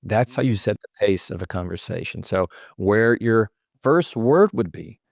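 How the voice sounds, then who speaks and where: Male guest, low-ish voice, dry close sound, explains advice and demos example phrasing. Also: lively intonation, a little slow, vocal fry, no echo. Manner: illustrates points with acted-out sample lines. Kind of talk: conversational advice.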